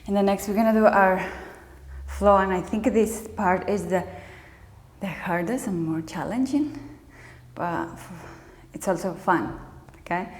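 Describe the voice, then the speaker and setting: A woman instructor leads a yoga class, counting breaths and calling out poses with slightly non-native phrasing. Her medium-pitched voice is darkish and unhurried, with frequent pauses, in an echoey room with long reverb.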